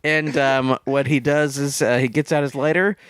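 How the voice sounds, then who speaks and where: A man co-hosting a podcast recaps a film in casual, joking chat, his mid-range voice fairly bright, clear, and resonant with fairly even intonation at a moderate pace. The recording is dry and studio quality.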